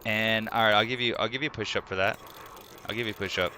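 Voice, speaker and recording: A man's voice: on the low side, steady tone, quick pace, bright, forceful tone, slight background noise. A man live streaming, chatting casually in a joking, rambling way. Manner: joking, rambling, laughing often. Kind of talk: casual chat.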